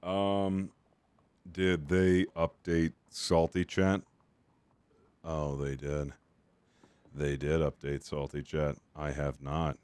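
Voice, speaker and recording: A man with a very low voice chats casually with his stream viewers. He rambles and swears freely. His voice sounds dry and close, with no room around it. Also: level tone, slow pace, pauses often, a little mellow, smooth, dry recording. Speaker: game streamer.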